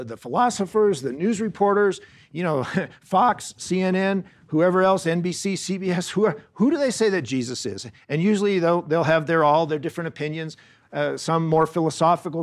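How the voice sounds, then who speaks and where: A man preaching a Bible lesson, earnest, often repeating words and slowing down to stress key phrases. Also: fairly high pitch. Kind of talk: Bible teaching sermon.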